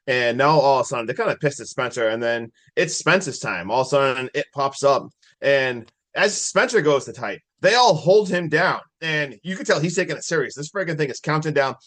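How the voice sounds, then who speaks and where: A man co-hosting a podcast, excitedly retelling a horror movie plot in casual chat, full of fillers and swearing. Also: medium pitch, fairly quick, few pauses. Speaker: podcast co-host.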